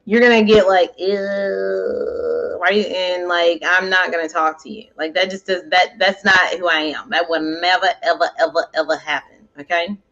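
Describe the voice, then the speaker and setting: A woman co-hosting a casual chat, rambling and animated with many filler words. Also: fairly low pitch, fairly quick, few pauses, lo-fi sound. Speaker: co-host.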